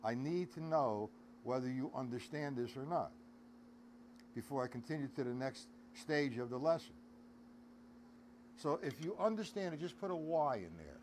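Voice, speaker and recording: A man's voice: mid-range voice, animated, normal speed, slight background noise. A man teaching a live drum lesson, counting beats aloud and chatting with viewers in the stream chat. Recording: loud drum kit playing behind voice.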